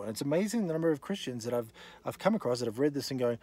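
A man's voice: medium pitch, lively intonation, racing, warm tone, slightly rough. A man teaching the Bible in an evening session, reading scripture aloud and stressing his points with rhetorical questions.

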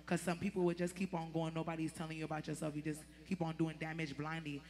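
A woman giving a lively, laughing testimony before a church congregation. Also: low-pitched, fast, hardly any pauses. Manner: animated, laughing storyteller, turns emotional. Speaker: church member giving a tribute.

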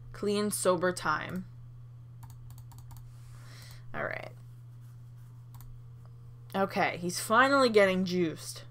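A young woman hosting a Let's Play, reacting with excited laughs and swearing as she plays. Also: mid-range voice. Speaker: gaming channel host.

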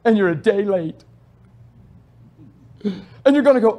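A man preaching a sermon, telling stories with animated swings between loud exhortation and soft asides, often laughing as he goes. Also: sits high, unhurried, pauses often.

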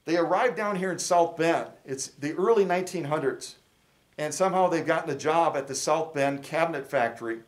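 Middle-aged male host, casual and chatty, folksy presenter, a touch high-pitched. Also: brisk. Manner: chatty, folksy, rambling trivia. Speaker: fundraiser host.

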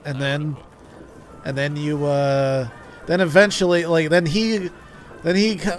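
A man's voice: fairly high pitch, fairly even intonation, unhurried, faint music behind. A man streaming a game, telling a long story in a rambling way with many restarts. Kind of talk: casual gameplay commentary.

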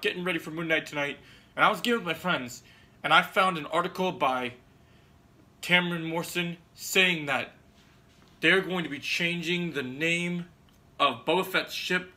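A man hosting a vlog, giving an angry, profane rant with shouted outbursts. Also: fairly high pitch, noisy background. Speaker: vlogger.

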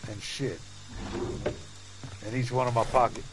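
A man commentating his own gameplay, loud and profane, taunting and laughing, with swings from low mutters to shouts. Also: steady tone, unhurried, background noise. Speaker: gamer streaming play.

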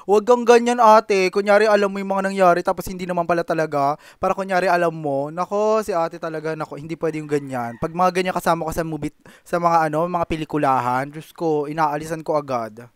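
A man's voice: a little high, quick pace, smooth, no room sound. Campy, teasing male reaction host. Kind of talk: comedic reaction commentary.

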